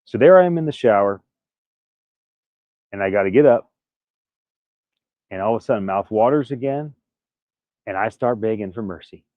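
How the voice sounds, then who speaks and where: A low-voiced man speaks to his camera, sounding weak and still recovering, yet candid and earnest as he tells his story. The sound is a bit dull and dry, with no room behind him. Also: expressive, normal speed, pauses often, no room sound. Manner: candid, earnest, prone to restarts and little laughs. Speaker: vlogger.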